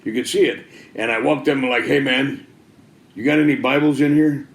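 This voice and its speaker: A middle-aged man tells his life story as a testimony, folksy and loose, with plenty of "man" and "you know". His voice sits at an ordinary pitch. It rings in a roomy, echoey space. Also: steady tone, normal speed, gravelly. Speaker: testimony speaker.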